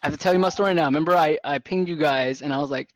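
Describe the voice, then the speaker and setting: A man co-hosting a casual chat, telling stories with animated voices for other people. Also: on the high side, racing, no room sound. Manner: animated storytelling, mimics people loudly. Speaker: podcast co-host.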